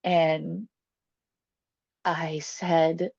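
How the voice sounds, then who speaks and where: A woman's voice: mid-range voice, measured pace, a little mellow, dry recording. A young woman telling a personal story as a podcast guest, candid and emotional, swearing freely and laughing often. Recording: dull, dry, lo-fi podcast sound.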